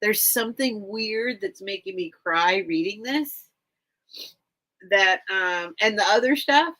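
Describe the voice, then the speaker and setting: A woman with a mid-range, fairly bright voice hosts a live online vintage sale from home. She rambles and chats directly to her viewers in a casual livestream.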